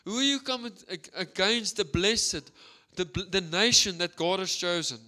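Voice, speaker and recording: A defiant young shepherd boy, as a preacher yells him out, pitched up high and loud, hurling challenges with fierce energy. The voice rings bright and forceful. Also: a little slow, exaggerated voice.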